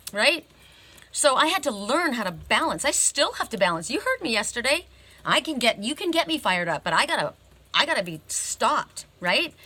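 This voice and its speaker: Bright, emphatic woman telling a story. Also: fairly high pitch. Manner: emphatic, chatty, keeps checking in with "right?". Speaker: oracle card reader. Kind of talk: casual personal storytelling.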